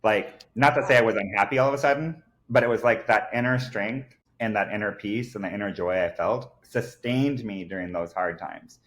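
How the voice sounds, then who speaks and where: A man's voice: on the low side, normal speed, few pauses, fairly bright tone. A man, a podcast guest, telling a personal story in an earnest, emphatic way, full of fillers like "like". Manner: earnest and emphatic, many fillers like "like" and "I kid you not".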